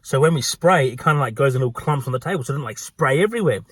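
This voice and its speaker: An Australian man who works at a pub, telling a story in a profane, gossipy, animated way. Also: mid-range voice, rapid-fire, husky, dry recording. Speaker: pub worker. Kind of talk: storytelling vlog.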